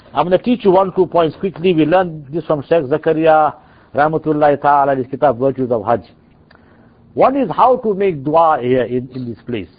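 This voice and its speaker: A male preacher tells a sermon story in a dramatic, animated way. His voice is high, husky and swoops widely. The recording sounds dull and lo-fi. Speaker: preacher and teacher.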